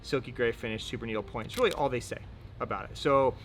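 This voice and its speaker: An easygoing man at a middle pitch walks through new gear in a relaxed, chatty way, cracking jokes and tossing in the odd swear. A faint hum of noise sits underneath his voice. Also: fast. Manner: upbeat, joking, casual swearing. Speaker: host. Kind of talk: casual product rundown. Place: indoor room.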